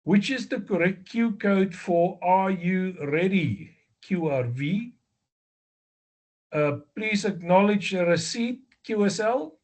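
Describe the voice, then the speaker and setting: A man with a South African accent giving a slow, deliberate exam review lecture, explaining step by step with fillers and self-corrections. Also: sits high, animated, a little mellow. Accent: South African English. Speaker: amateur radio exam instructor.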